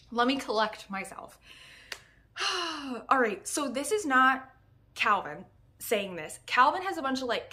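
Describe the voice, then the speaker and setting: A young woman giving a casual, animated book review, exasperated and laughing often. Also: mid-range voice.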